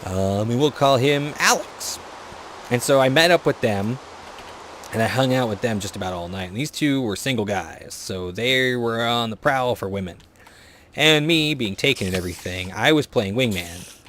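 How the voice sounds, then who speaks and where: A man's voice: medium pitch, animated, normal speed, fairly bright tone, a little hiss or hum. A young man telling a rambling story in a casual, chatty way while playing a game, often trailing off into muttered asides. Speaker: gaming vlogger.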